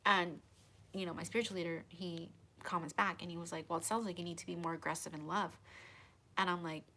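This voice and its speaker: Animated woman telling a story. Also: on the low side, fairly quick, slight background noise. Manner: animated, dramatic retelling with many fillers. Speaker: tarot channel host. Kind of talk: casual storytelling to viewers.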